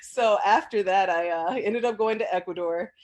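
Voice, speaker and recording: A woman's voice: medium pitch, normal speed. A woman casually sharing personal memories as an interview guest, chatty and full of fillers, often laughing. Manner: animated when quoting people.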